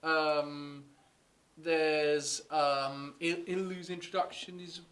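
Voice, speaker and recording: A man's voice: on the high side, flat delivery, takes it slowly, fairly bright tone. A man hosting a podcast in casual chat, hesitant, with many fillers and restarts. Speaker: podcast host.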